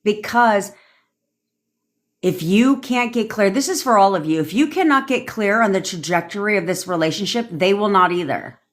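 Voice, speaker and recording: A woman manifestation coach speaks at normal speed in an expressive, mid-range voice, handing out blunt, rambling advice on a live stream and swearing freely as she reads and answers comments from viewers.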